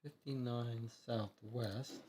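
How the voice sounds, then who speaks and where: A man's voice: mid-range voice, fairly even intonation, slow pace, mellow, slight background noise. A man streaming a detective board game, thinking aloud hesitantly and reading the case text. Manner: musing, hesitant, questioning.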